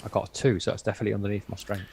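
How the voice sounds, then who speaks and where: A man's voice: lowish voice, little pitch movement, rapid-fire, vocal fry, darkish tone, slightly rough. A man playing a tabletop game, giving short, blunt replies. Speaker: player. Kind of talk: casual play at a tabletop game.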